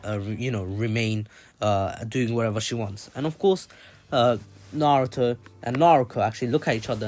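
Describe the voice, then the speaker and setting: A man casually retelling an anime fan story, rambling with plenty of fillers and restarts. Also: medium pitch.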